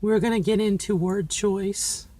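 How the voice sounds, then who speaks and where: A measured pace, fairly even intonation, and a dark tone mark this mid-range voice. It belongs to a middle-aged woman vlogging casually, candid and self-encouraging as she reflects directly to viewers, using a carefully placed, trained feminine voice.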